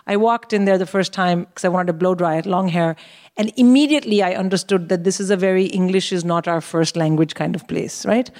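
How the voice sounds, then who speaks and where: A woman in her forties co-hosting a live comedy show, telling a wry, animated story and swearing freely on a stage. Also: on the low side, brisk. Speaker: co-host. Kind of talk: comic storytelling to a live audience.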